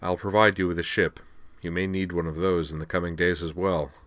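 A man voicing a stern, powerful noble patriarch who speaks firmly and in measured terms. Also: low-pitched, little pitch movement, fairly bright tone, no echo. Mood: commanding. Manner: firm, measured, commanding.

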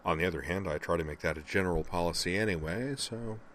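A man's voice: sits low, fast, fairly bright tone, a little hiss or hum. A man doing a wry young cadet captain. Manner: dry and understated.

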